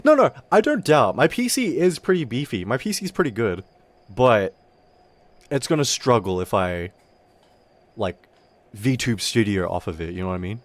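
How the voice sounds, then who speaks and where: A young VTuber streamer chats while live-streaming a game, rambling, mocking himself, and swearing often. His lowish voice is animated, at normal speed with frequent pauses.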